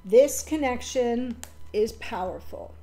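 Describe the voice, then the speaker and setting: Mellow-voiced woman giving an emotional tarot reading. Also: on the high side, slow pace, soft background music. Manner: emotional, rambling, with fillers and self-corrections. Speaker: tarot reader. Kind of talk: casual spoken tarot reading.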